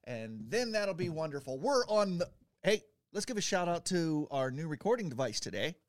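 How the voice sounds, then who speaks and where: A middle-aged man with a somewhat high voice that swoops up and down, telling rambling stories in playful podcast banter. The recording is dry and close. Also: sing-song, normal speed, no echo. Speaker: podcast co-host. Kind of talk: casual banter.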